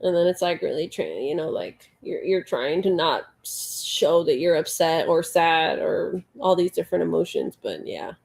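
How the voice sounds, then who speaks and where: A woman with a low, gravelly, darkish voice chats at a moderate pace with lively intonation and hardly any pauses. She's hosting a relaxed late-night livestream, crocheting while counting stitches under her breath and reading viewer comments aloud.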